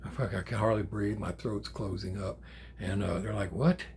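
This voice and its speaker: An older man, a grandfather, telling a story in a casual, animated way, with swearing and acted-out quotes. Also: on the low side, moderate pace, gravelly, a little hiss or hum. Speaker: channel host.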